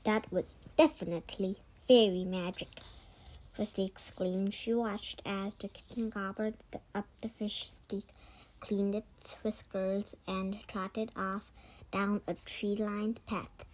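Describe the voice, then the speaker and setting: A woman reading a children's book aloud, unhurried, often stumbling and correcting herself. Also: mid-range voice, flat delivery, rough recording. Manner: unhurried, with frequent slips and self-corrections. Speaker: read-aloud narrator.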